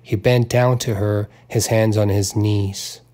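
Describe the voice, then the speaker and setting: Slow, measured male audiobook narrator. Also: lowish voice, steady tone, dark tone. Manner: unhurried, measured delivery with small voiced character touches. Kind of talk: literary audiobook reading.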